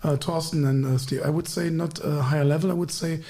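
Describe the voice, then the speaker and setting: A man with a German accent hosting a podcast, speaking halting English and hesitating often. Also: a little high, fairly even intonation, vocal fry, background noise. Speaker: podcast host. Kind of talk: casual podcast chat.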